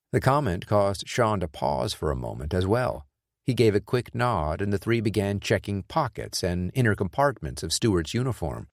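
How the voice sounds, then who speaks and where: Casting: low-voiced male narrator, steady thriller reading, dry close recording. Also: no echo. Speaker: audiobook narrator. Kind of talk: scripted narration.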